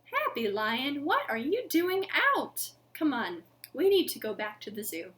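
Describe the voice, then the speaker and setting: A woman voicing a young male zoo helper who talks in a brisk, matter-of-fact way. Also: high voice, big pitch swings, a bit bright, exaggerated voice.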